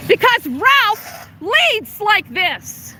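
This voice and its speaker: Woman, very high voice, furious and profane, street filming, loud traffic behind. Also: big pitch swings, drawn-out words. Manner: angry, profane, heckling. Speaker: activist filming a homeless camp sweep. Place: outdoors on a city street.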